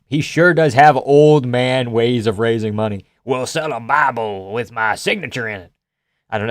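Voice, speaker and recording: A young man from Canada hosts a livestream in a loose, cursing, sardonic way, riffing on the chat as it comes in. His voice comes across smooth and clear. The mic sounds close and dry, with no room sound. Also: mid-range voice, no echo. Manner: profane, sardonic, reads chat aloud. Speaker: livestream host. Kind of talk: casual chat.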